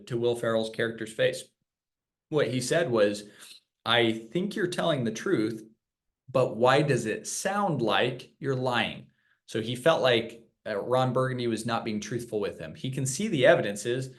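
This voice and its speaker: A man teaching new sales reps in a casual virtual training session, explaining points with examples. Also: medium pitch. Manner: conversational, explains with examples and acted-out quotes.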